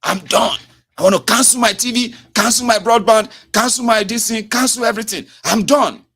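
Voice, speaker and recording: A man putting on a furious male customer who rants and shouts in a high voice while demanding to cancel his service. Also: lively intonation, very fast. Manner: shouting, high-pitched, ranting.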